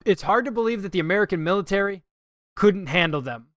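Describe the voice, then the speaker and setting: A man's voice: sits high, lively intonation, quick pace, fairly bright tone, no echo, studio quality. A man hosting a podcast, recapping a film in casual chat, often laughing and quoting lines from it. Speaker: podcast host. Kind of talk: casual movie-review chat.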